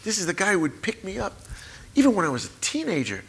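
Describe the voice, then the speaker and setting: A man in his sixties, a memoir author, telling a personal story at a live talk event, halting, repetitive and openly emotional. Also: sits high, huge pitch swings, vocal fry, a bit bright, a little hiss or hum. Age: 60s.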